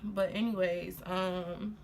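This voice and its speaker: Young woman with a creaky storytime voice. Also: on the low side, slow pace, slight background noise. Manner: animated, heated retelling full of fillers and laughs. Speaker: vlogger. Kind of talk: casual storytime while getting ready.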